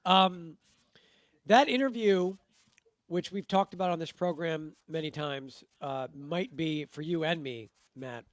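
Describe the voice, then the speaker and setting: A man co-hosting a live golf talk show, relaxed and chatty. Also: on the high side, measured pace, no room sound, clean studio sound. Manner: relaxed and chatty, speaks while eating. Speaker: co-host.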